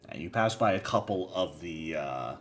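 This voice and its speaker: A man's voice: low-pitched, expressive, moderate pace, fairly bright tone, soft background music. A man running a tabletop game as game master, narrating in a laid-back way and teasing his players.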